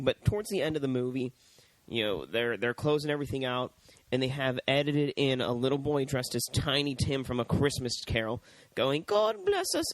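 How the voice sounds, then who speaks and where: A man co-hosts a casual movie review in a dry, close-sounding room. He talks in an animated, profane way and often breaks into high squeaky impressions of characters. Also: no room sound, rough recording. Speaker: podcast co-host.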